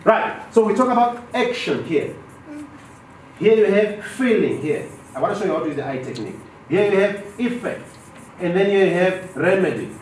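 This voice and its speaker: Animated male trainer in an echoey room. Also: high-pitched, normal speed, a little hiss or hum. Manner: animated, asks the class questions and acts out dialogues. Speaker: business trainer. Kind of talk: classroom workshop lecture. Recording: roomy echo from far off.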